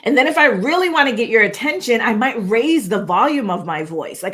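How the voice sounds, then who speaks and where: A woman presenting a casual video lesson on speaking, talking in an animated, conversational way and often asking "right?". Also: fairly high pitch, a little fast, few pauses. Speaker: presentation coach. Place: indoor room, moving between standing and seated. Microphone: on-camera recording.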